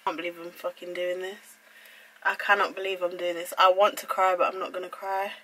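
A woman's voice: lowish voice, flat delivery, brisk, sharp tone, poor audio. A young woman vlogging at home, flustered and exclaiming in disbelief as she swears her way through cutting her hair. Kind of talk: casual vlog.

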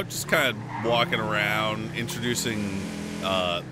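An animated male streamer roleplaying in a game. His pitch swings widely as he jokes in a theatrical way and laughs often, over noisy game audio. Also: fairly quick.

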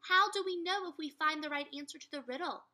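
A careful, earnest young boy full of questions, as a woman acts him out. The voice is raised and very bright. He sounds like a character in a children's storybook read aloud. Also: high-pitched, brisk, pitched above the performer's own voice. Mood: urgent. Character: cautious, thoughtful young boy.

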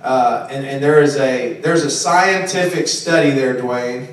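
A male pastor with a medium-pitched voice preaches a little slowly, keeping his sermon conversational and frequently asking listeners "okay?" or "right?" The room recording is distant and very echoey.

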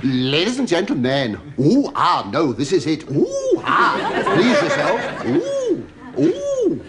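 A middle-aged English comedian with a stammering, camp delivery, full of asides to a live audience. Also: male voice, a little high, sing-song, measured pace, a crowd in the background. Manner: stammering, camp asides, ooh-ing and mock protest. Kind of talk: stand-up style sitcom monologue to live audience. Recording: loud studio audience laughter and noise.

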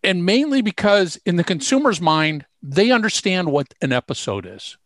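A man's voice: high-pitched, very animated, moderate pace, a bit bright, no room sound, studio quality. A man co-hosting a podcast, chatty and prone to rambling side stories. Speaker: podcast co-host. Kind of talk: casual podcast chat.

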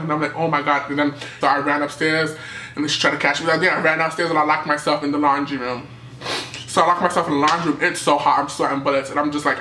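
A young man from New City, telling a storytime tale in a lively, animated way and acting out what people said. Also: a little high, echoey room, slight background noise. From New York City. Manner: animated storytelling, acting out quotes, jumps to yelps. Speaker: vlogger. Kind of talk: storytime vlog.

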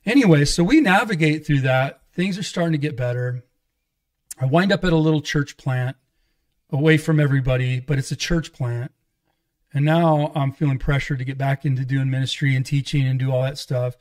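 Medium in pitch, slightly fast, and a bit mellow, a pastor on a podcast relates his personal testimony candidly. His casual, rambling account includes restarts and performed dialogue.

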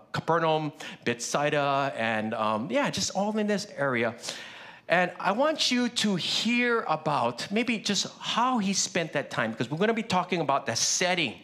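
A male pastor who grew up speaking Pidgin, preaching casually and often asking the congregation questions. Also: on the high side. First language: Hawaiian Pidgin. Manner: lively, conversational, asks the congregation questions. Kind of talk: sermon.

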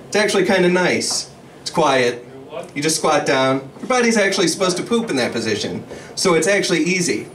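A young man doing his first stand-up set in a small bar, with a measured, deadpan delivery. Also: fairly high pitch. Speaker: first-time stand-up comedian. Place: small bar comedy stage. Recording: distant mic with loud crowd laughter.

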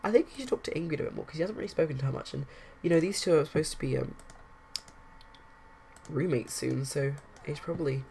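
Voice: medium pitch, quick pace, creaky, mellow, husky. A casual let's-play commentator who rambles through gameplay with many fillers and restarts, hiccuping now and then.

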